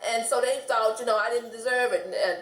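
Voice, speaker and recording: A woman's voice: on the high side, fairly quick, reverberant. A middle-aged woman from the United States telling stories casually to camera, chatty and laughing often. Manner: chatty, laughs often, animated quoted voices. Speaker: vlogger.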